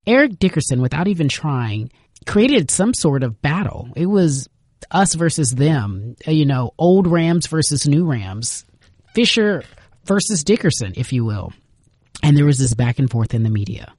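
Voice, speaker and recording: A woman's voice: deep voice, moderate pace, dry recording, clean studio sound. A woman hosting a sports podcast, narrating and introducing her guest with emphasis. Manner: lively, emphatic. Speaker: host.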